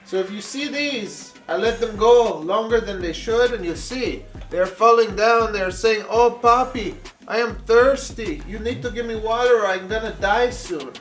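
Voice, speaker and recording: A man's voice: high voice, normal speed, roomy sound, faint music behind, pitched above the performer's own voice, close to an everyday voice. A man putting on a flamboyant plant-loving character with a mock Spanish accent, theatrical and doting. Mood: playful. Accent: put-on Spanish. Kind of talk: comic vlog persona.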